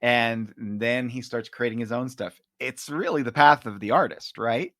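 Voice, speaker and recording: A man co-hosting a podcast, chatting casually, laughing often and describing comic strips out loud. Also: mid-range voice, moderate pace, no echo, studio quality. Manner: laughs often, animated when reading. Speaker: podcast co-host. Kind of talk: casual chat, reading comic strips aloud.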